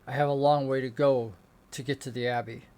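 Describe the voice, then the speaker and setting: A man's voice: mid-range voice, steady tone, a little fast, darkish tone, close to an everyday voice. A man voicing a scornful old male wizard with a walking stick, scoffing and dismissive.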